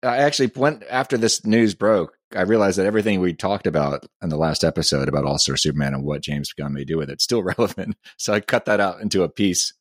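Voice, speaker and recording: A man co-hosting a podcast, speaking in a relaxed, hesitant way, with many restarts. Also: sits low, fast, hardly any pauses, no room sound, studio quality. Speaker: podcast co-host. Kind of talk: casual podcast chat.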